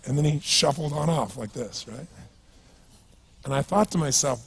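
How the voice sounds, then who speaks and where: A man giving a motivational seminar talk to a live audience, energetic and emphatic, telling stories and asking the crowd rhetorical questions. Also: a little high, moderate pace, vocal fry, a little hiss or hum. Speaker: motivational speaker.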